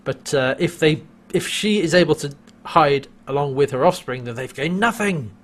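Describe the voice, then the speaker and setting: A man co-hosting a casual show, recapping a TV episode with frequent laughs and quick acted-out character lines. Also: on the high side, lively intonation, fairly bright tone. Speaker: podcast co-host.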